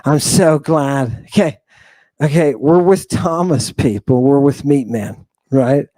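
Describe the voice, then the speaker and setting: A man's voice: mid-range voice, lively intonation, slow pace, warm tone, dry recording. A man hosting a livestream lecture, emphatic and sighing often, breaking into asides and checking that his audience understands. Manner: emphatic, keeps asking the audience if they understand. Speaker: host.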